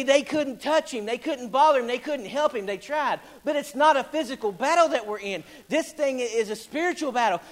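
High-voiced preaching man, booming then hushed. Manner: preacherly, dramatic swings between booming and hushed; folksy and self-deprecating asides. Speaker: pastor. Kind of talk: sermon.

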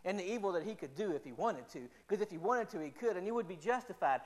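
A man preaching a sermon in an earnest, repetitive way, slowing down for emphasis. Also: sits high, animated.

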